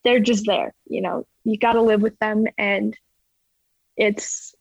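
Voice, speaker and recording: A woman's voice: medium pitch, level tone, slow, creaky, dry recording. Young woman, ski jumper guest, casual chatty, fills with like, dull dry audio. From Canada. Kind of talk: casual interview chat.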